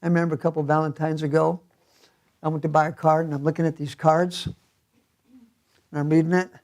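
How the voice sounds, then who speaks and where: A man preaching a sermon as pastor in a church, telling the story in an animated way and chuckling often. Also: fairly high pitch, fairly quick.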